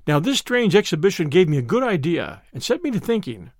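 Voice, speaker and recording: Expressive male audiobook narrator. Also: sits high, a little fast, few pauses, no echo, clean studio sound. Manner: expressive, theatrical, brash. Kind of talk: scripted narration of a classic novel.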